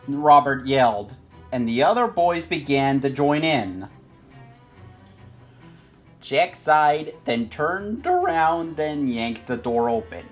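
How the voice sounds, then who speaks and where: A man narrating a storybook chapter in an expressive, scripted reading. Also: medium pitch, measured pace, soft background music. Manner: expressive, lively. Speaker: audiobook narrator.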